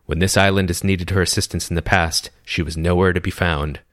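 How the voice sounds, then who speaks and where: A man voicing a weary, commanding male chieftain in a storybook reading, in a measured, authoritative way. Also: sits low, steady tone, fairly bright tone, no echo, studio quality. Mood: stern.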